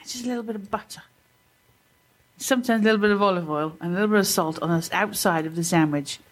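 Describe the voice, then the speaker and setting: A British woman co-hosting a podcast, sarcastic and animated, laughing often. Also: medium pitch, quick pace. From Britain. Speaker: podcast co-host. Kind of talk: casual banter.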